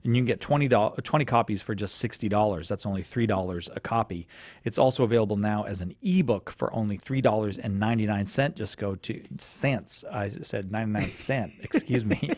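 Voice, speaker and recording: A man's voice: on the low side, fairly quick, darkish tone, dry recording. A man hosting a live call-in radio show, talking casually, stumbling over his words and laughing at himself.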